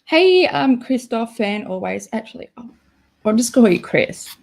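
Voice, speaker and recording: Slow-talking Australian woman chatting. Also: a little high, sing-song, gravelly, a little mellow. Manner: chatty and self-deprecating, reacting to chat. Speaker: livestream host. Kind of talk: casual livestream chat.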